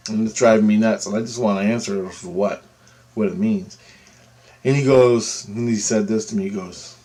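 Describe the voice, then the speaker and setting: A man's voice: moderate pace, husky. Rambling man telling a story. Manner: animated, quotes others with big pitch jumps, rambling with restarts. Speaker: storyteller recounting a personal experience. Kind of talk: casual storytelling monologue.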